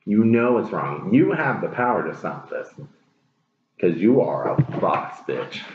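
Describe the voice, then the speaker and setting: A man giving a casual tarot reading, blunt and profane, repeating his phrases for emphasis. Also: low-pitched. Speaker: tarot reader. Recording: roomy, dull lo-fi with clear hiss.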